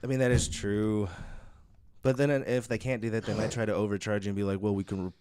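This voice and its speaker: A man's voice: lowish voice, flat delivery, a little mellow, clear, resonant tone, no echo, clean studio sound. A man co-hosting a podcast in a laid-back, casual chat, swearing easily and drawing out his words. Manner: laid-back, profane, slow and drawn-out.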